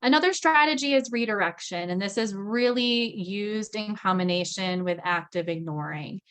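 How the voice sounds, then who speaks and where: A woman in her thirties giving a parenting training talk, chatty, with frequent "right?" checks, acting out parent and child lines in a lively voice. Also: medium pitch, moderate pace, clean tone. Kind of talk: recorded training lecture.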